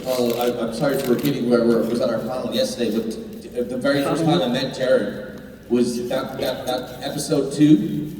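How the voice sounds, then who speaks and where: A man on a convention panel telling a quick, self-deprecating story to fans. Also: medium pitch, fairly even intonation, a little mellow, slight background noise. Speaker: actor on a fan convention panel. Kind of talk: casual anecdote on stage. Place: large convention hall. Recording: echoey hall, heard from far off.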